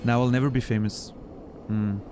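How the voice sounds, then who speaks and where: A male game streamer talks at an ordinary middle pitch in a loose, rambling way. He muses aloud between moves in the game. He restarts his sentences often and breaks into chuckles. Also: steady tone, normal speed, noisy background. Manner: rambling, chatty storyteller with frequent laughs and restarts. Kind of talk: casual chat while playing a game.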